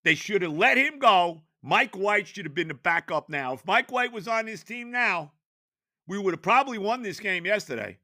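High, shouting, sharp-voiced older man. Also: lively intonation, normal speed, no echo. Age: 70s. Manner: exasperated, shouting, stammering. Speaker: podcast host. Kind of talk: ranting sports talk.

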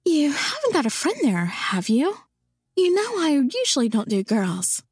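A woman voicing a sharp-tongued woman in her late twenties in an audiobook, full of sarcastic, cheeky banter. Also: high-pitched, huge pitch swings, a little slow, no room sound, clean studio sound, pitched above the performer's own voice, full character voice. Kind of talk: audiobook character voice.

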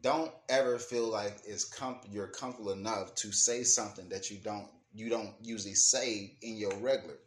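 A man's voice: on the low side, steady tone, moderate pace, hardly any pauses. A man speaking in African American Vernacular English, ranting casually and emphatically with profanity, restarting and repeating words as he thinks. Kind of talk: casual opinion rant to camera. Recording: echoey room with faint ambient noise.

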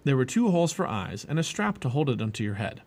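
A man reading a children's chapter book aloud as a parent, animated and expressive. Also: medium pitch, quick pace. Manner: animated, expressive reading with many character voices. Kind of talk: storybook read-aloud.

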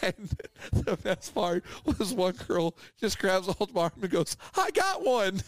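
A man's voice: high voice, fairly even intonation, normal speed, dry recording. A man, co-hosting a podcast in casual chat, rambling through funny stories and laughing often. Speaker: podcast co-host.

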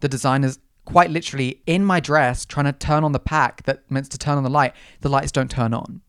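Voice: mid-range voice, a little fast, clean tone, no room sound, clean studio sound. A young adult podcast host, telling a story in a dramatic, gushing way and talking straight to the listeners. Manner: dramatic, expressive, gushing, addresses listeners as "you guys". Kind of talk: casual storytelling monologue.

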